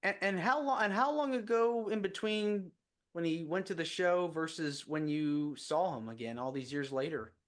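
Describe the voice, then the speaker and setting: Male podcast host, slightly higher voice, polite, earnest interviewer. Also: normal speed. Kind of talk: interview hosting.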